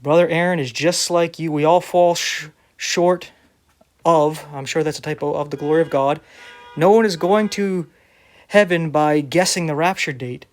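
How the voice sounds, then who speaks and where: A man's voice: on the high side, moderate pace. Sarcastic man reading viewer comments. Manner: sarcastic, defensive. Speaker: online preacher.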